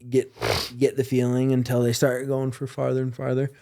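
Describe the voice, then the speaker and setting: A man hosting a podcast in casual chat, animated and joking, often laughing and swearing. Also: mid-range voice, normal speed. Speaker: podcast host.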